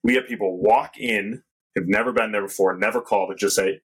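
A man's voice: lowish voice, steady tone, a bit bright, breathy edge, poor audio. A man hosting a podcast, a casual chatty talker who leans on "like" a lot. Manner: quick, chatty, lots of "like".

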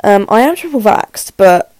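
An eighteen-year-old woman with a sore throat, rambling nervously and quickly in a casual solo podcast chat, with lots of fillers. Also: medium pitch, sing-song, a little mellow, no room sound. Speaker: podcast host. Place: her room in the evening.

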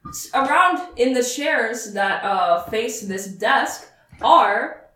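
A woman's voice: on the high side, lively intonation, slow, bright, forceful tone, slight background noise. Woman game master, chatty, rambling, roomy room, distant mic. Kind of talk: narrating a tabletop game.

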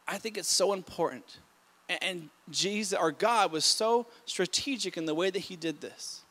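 A male pastor with a strikingly high, bright, forceful voice delivers an impassioned sermon. He swings between quiet, reflective passages and sudden loud emphatic bursts. He often repeats and restarts words mid-sentence as he preaches. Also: moderate pace.

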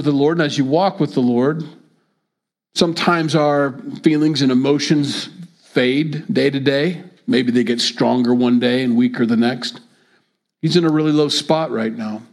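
A middle-aged pastor giving a sermon, praying and teaching in an easygoing, conversational way with frequent fillers. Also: male voice, medium pitch.

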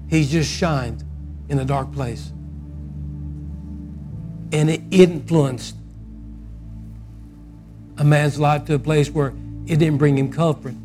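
Animated preacher man, fairly high. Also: takes it slowly, long pauses, faint music behind. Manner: animated storyteller, rising loud for quoted outbursts, dropping soft for the point. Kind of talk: sermon storytelling.

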